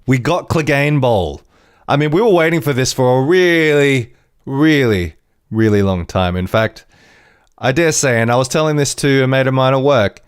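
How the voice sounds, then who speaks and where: Brief: male podcast host, chatty animated reviewer, rambling, dry recording. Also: mid-range voice, smooth, no room sound. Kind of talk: casual TV episode review.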